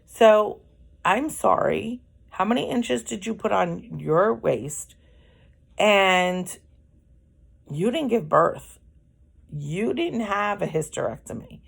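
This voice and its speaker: A woman's voice: medium pitch, lively intonation, slow pace, creaky, breathy edge. A middle-aged woman talking candidly in a casual personal monologue, speaking to viewers about relationships. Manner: candid, conversational, acts out quoted dialogue. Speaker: host.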